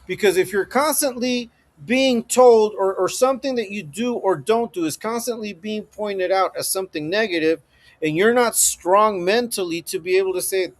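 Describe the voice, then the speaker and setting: A man's voice: high-pitched, moderate pace. A man hosting his own live stream, giving profane, swaggering motivational talk with frequent laughter. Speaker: livestream host. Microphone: streaming setup.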